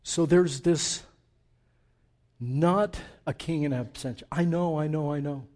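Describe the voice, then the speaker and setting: A middle-aged man, a pastor, preaching a sermon, swinging from loud urging to quiet, near-whispered asides. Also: fairly high pitch, unhurried.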